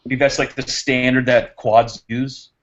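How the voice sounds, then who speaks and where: A man's voice: medium pitch, flat delivery, a little slow, over a noisy crowd. Male racing guest, chatty storyteller, mid-range voice, dull video-call sound. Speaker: guest drone racer. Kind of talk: casual chat on a live hangout.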